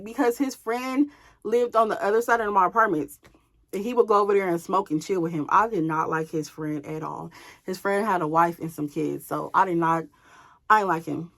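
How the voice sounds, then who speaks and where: A woman vlogger telling a personal story to her viewers in an animated, casual way, swearing freely. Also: fairly low pitch, a little fast.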